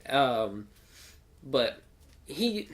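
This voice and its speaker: Brief: male podcast co-host, lively swooping voice, loose and profane, quick to laugh. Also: medium pitch. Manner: profane, rambling, giggly. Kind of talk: casual chat.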